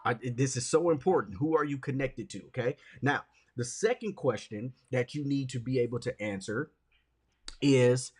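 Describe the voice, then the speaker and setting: Husky-voiced man giving emphatic motivational talk. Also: mid-range voice, normal speed, darkish tone. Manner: repetitive, emphatic, checks in with "okay?" and "right?". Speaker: podcast host and leadership speaker. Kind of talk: motivational teaching monologue.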